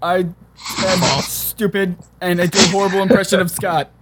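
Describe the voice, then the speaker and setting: A man putting on a mocking impression of a dim young male friend, in a high, teasing voice. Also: little pitch movement, moderate pace, very noisy, lightly acted.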